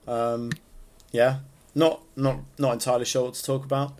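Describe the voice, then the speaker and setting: A man's voice: mid-range voice, flat delivery, normal speed, darkish tone. A man co-hosting a podcast in casual comedic chat, joking and laughing often. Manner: joking, laughs often, trails off mid-sentence. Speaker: podcast co-host.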